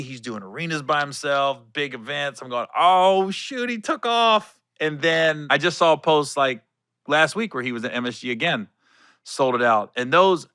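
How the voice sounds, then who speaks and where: A middle-aged man hosting a solo podcast, telling a backstage story in a loose, animated way and acting out the people in it with a curse here and there. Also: mid-range voice, no echo, studio quality. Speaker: podcast host.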